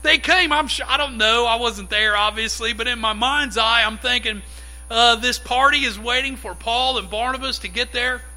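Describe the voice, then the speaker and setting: Brief: male pastor, high and bright voice, lively conversational sermon delivery. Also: moderate pace, low-quality recording. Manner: conversational, animated preaching with acted-out quotes.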